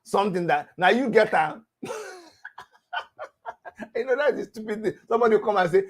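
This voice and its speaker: Animated high-voiced Nigerian man. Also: normal speed, pauses often. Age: 50s. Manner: animated, taunting, laughs between lines, slips into Pidgin. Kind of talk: mocking monologue.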